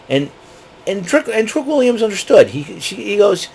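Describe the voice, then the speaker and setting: A man's voice: sits high, wildly swooping pitch, moderate pace, a little mellow, a little hiss or hum, poor audio. A man giving a casual, rambling recap as host, with many fillers and restarts. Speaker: wrestling show recap host.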